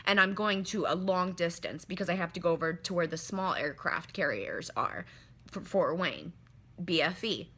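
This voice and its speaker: A young woman telling a travel mishap to her stream viewers in a hotel room, casual and animated, swearing freely and calling her viewers "y'all" into a phone. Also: on the low side, normal speed, husky. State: upset after crying. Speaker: livestreamer telling a travel story.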